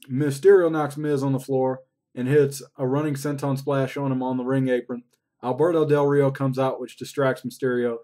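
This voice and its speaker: Guy doing a sweary rambling recap, casual vlog talk, normal pitch. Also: a little mellow. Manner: profane, rambling play-by-play. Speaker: wrestling show reviewer.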